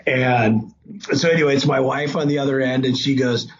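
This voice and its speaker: Middle-aged man as a podcast guest, chatty storyteller at an average pitch, slightly dull recording with faint hiss. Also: moderate pace. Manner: animated, breaks into excited quoting. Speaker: hunting guest. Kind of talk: casual storytelling.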